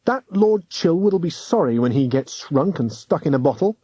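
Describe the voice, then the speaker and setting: Man voicing young girl, spirited, emotional, high-pitched, storybook. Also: animated, moderate pace, mellow, husky, dry recording. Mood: angry.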